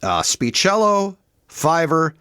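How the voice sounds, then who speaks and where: A man's voice: on the high side, very animated, slow pace, sharp tone, clear, resonant tone, no echo, clean studio sound. A man hosting a podcast, talking in an emphatic, exasperated casual chat. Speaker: podcast host.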